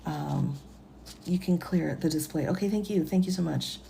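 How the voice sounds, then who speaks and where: Woman, very deep voice, gravelly, hushed half-whisper, live stream at home, faint hiss behind. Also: normal speed. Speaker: legal commentator. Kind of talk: soft ASMR-style live stream talk. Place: home at night. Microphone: phone.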